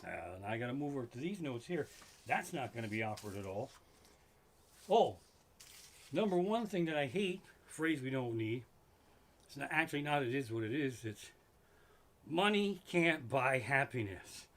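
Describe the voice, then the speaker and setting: A man's voice: mid-range voice, lively intonation, normal speed, pauses often. A middle-aged man, a stand-up comedian, doing an exasperated, profane comedy rant live from his living room. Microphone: microphone in front of him.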